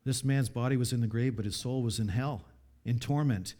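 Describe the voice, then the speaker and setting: A man preaching a sermon, reading scripture aloud and commenting, with dramatic swings from hushed pleas to loud appeals. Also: mid-range voice, brisk.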